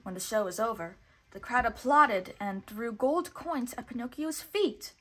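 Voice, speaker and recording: Woman, teacher, storybook read-aloud, clear, expressive, fairly high voice. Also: a little slow.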